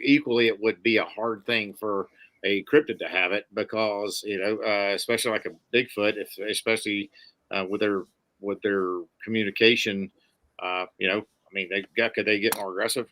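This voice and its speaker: Man, podcast co-host, bright forceful tone, folksy, rambling. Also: on the low side, little pitch movement, moderate pace. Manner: rambling, restarts often, folksy Southern sayings. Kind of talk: casual podcast chat.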